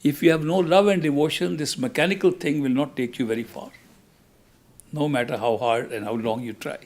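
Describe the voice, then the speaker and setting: An older man with a gravelly, fairly high voice gives a spiritual talk. He speaks in a measured, emphatic way, stopping for long pauses between phrases as he guides listeners through meditation. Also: a little mellow. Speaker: spiritual teacher.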